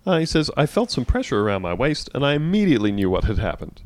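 A man's voice: mid-range voice, very animated, fast, darkish tone, a little hiss or hum. A man co-hosting a casual comedy podcast, reading out news stories with jokey asides. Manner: reads news aloud with jokey asides and laughs.

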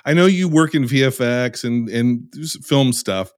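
A man's voice: mid-range voice, measured pace, smooth. An American man hosting a podcast, chatting casually and teasing his guest with a jokey, giggly manner. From United States. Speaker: podcast host.

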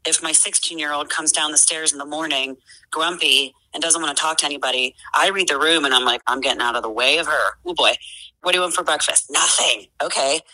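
A woman's voice: low voice, brisk, bright, forceful tone, poor audio. A woman in her forties talking earnestly as a podcast guest, with many fillers and restarts. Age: 40s. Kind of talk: casual conversation.

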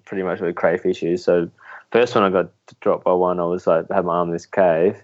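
Low-voiced aussie bloke, laid-back, yarning away on a podcast, muffled sound. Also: male voice, fairly even intonation, fairly quick. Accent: Australian. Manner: laid-back, rambling, laughs through his stories. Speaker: spearfishing guest. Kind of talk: casual storytelling in a podcast interview.

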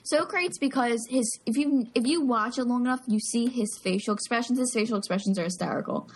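A woman in casual chat, animated and laughing as she recalls scenes. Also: a little high, fairly quick. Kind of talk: casual chat about a movie.

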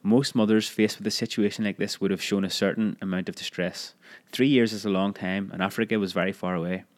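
A man narrating a memoir audiobook in a measured, expressive storytelling manner. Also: lowish voice.

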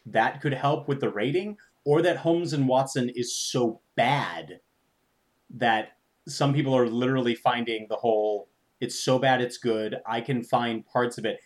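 A man co-hosting a casual movie review podcast, easygoing and quick to agree. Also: medium pitch. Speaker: podcast co-host.

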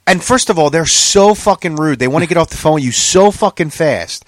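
A man rants in casual podcast chat, his pitch swinging widely and a little high as he piles on the swearing. The sound is dry and close, with no room behind him. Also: fairly quick, no room sound. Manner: profane, animated ranting.

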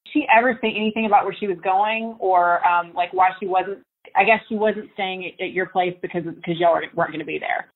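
A woman host asking gentle, searching interview questions with restarts. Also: fairly low pitch, steady tone, fairly quick. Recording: tinny phone-line sound.

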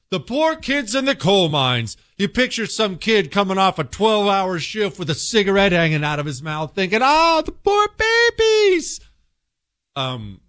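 A man hosting a talk radio show, speaking bluntly and sarcastically, swinging between low mutters and loud outbursts. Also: no echo, clean studio sound. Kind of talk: opinionated talk radio monologue.

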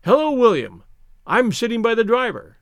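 A man reading a story aloud, voicing an eager, flustered young man who gushes with excitement. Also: very high-pitched, normal speed, dry recording, studio quality, voice pushed up, exaggerated voice. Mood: gushing. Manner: gushing, excitable.

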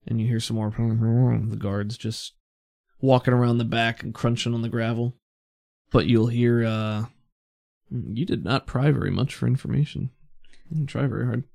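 A man narrates a tabletop game as game master. His voice is gravelly and sits at an ordinary pitch. He talks in a relaxed, halting way, with lots of ums and restarts. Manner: relaxed, halting, full of fillers.

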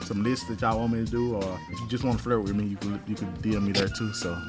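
Fast-talking young man on a podcast. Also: fairly low pitch, loud music behind the voice. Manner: excited, laughing, talks over others. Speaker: podcast co-host. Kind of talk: casual chat.

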